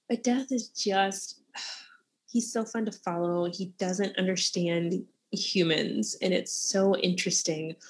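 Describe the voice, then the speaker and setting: A woman with a low, slightly husky voice chats casually as a podcast co-host. She is amused and laughs often as she talks about books.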